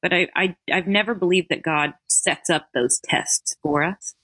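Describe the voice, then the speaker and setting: A woman's voice: fairly low pitch, a little slow, a bit bright, husky, no echo. A woman being interviewed, talking casually and animatedly with self-deprecating asides. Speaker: interview guest.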